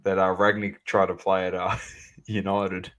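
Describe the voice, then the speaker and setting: A man co-hosting a sports podcast, chatting casually and animatedly, calling out to the audience as ladies and gentlemen. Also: low voice, a little slow, highs cut off. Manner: animated, banter-heavy, addresses listeners as ladies and gentlemen. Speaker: podcast co-host.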